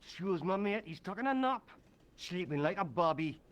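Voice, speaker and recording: An actor playing a drunk, friendly football fan with a Geordie accent, talking in boisterous banter. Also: male voice, high-pitched, lively intonation, moderate pace, fairly bright tone. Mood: rowdy.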